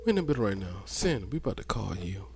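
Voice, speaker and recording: Man, rowdy stream host, wildly swooping pitch, heavy background noise. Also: very animated, quick pace, vocal fry. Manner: loud teasing, mimics others' voices. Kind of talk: rowdy live stream banter.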